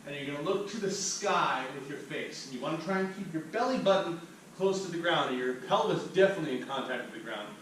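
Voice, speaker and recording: A man coaches a cool-down routine, explaining each stretch as he shows it. His voice sits a little high. The sound bounces around a bare room with a lot of echo, and the mic is some distance away with faint noise underneath. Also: animated, fast talker, a bit bright. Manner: upbeat, talks the viewer through each step while demonstrating. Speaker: fitness instructor. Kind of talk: instructional workout demonstration.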